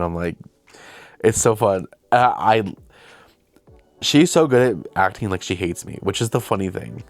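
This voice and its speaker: Low-voiced young man rambling casually. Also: unhurried, pauses often, dry recording. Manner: rambling, self-deprecating, acts out quotes. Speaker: video host and filmmaker. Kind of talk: casual storytelling to camera.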